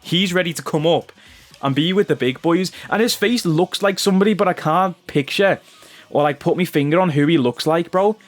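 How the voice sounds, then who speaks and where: A man's voice: fairly high pitch, normal speed. Chatty young man saying bro. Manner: chatty, says "bro" a lot. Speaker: gaming YouTuber. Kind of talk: casual gameplay commentary.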